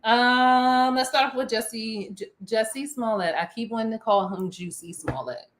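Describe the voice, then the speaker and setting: A woman's voice: a little high, measured pace. Giggly, playful woman hosting a chat. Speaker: podcast co-host. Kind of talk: casual chat.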